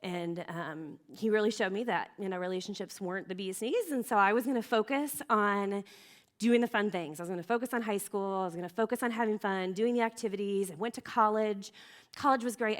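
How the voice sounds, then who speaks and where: An earnest woman in her thirties tells her own story to a youth group. She talks in a chatty, open way, stumbling and restarting as she goes. Her pitch sits in the middle of the usual range for a woman. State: emotional. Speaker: youth ministry speaker. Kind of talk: personal testimony talk.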